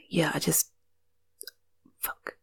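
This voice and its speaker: A young adult woman in an intimate whispered role-play, sighing and giggling softly with a breathy voice. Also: extremely slow.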